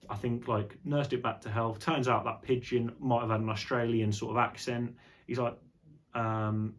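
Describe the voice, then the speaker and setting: A man's voice: mid-range voice, fairly even intonation, normal speed. A young man chatting casually on an unscripted vlog, rambling and jokey, with some swearing. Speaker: vlogger.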